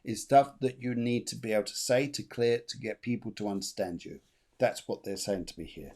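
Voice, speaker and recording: A man's voice: mid-range voice, a little fast, a little mellow. Chatty man giving a reading. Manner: chatty, repetitive, laughs often. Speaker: medium, show host. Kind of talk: live spiritual reading.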